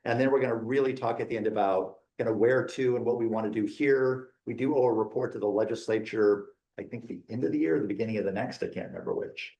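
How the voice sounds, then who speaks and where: A man's voice: mid-range voice, quick pace, few pauses, mellow, highs cut off. Man chairing a meeting in an echoey room. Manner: informal, joking, loose and friendly. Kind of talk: chairing a hybrid public meeting.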